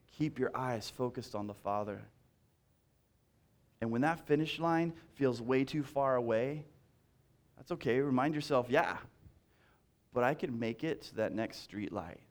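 A male pastor preaching a sermon in an animated, repetitive style that builds in intensity. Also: mid-range voice.

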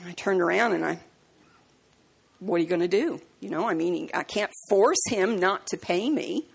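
A woman delivers a sermon with a gravelly, creaky edge to her voice. She tells stories from her own life, jumps up into a high voice to act out the people in them, and slows right down to stress her point. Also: animated. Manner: acts out dialogue in a high voice, slows for emphasis. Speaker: preacher. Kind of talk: sermon with storytelling.

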